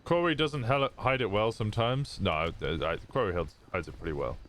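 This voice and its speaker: Man, streamer, casual chat, rambling, swears a lot, lowish voice, faint background noise. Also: animated, a little fast, fairly bright tone. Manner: rambling, swears freely, thinks aloud.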